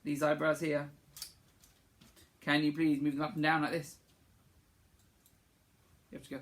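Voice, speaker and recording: A music teacher leading young children through a playful singing warm-up, encouraging them and demonstrating the sounds to copy. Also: mid-range voice, animated, measured pace, pauses often.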